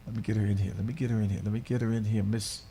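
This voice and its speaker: A man hosting a faith radio show, chatting casually with many fillers and halting restarts. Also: on the low side, flat delivery, mellow, slight background noise. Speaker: radio host.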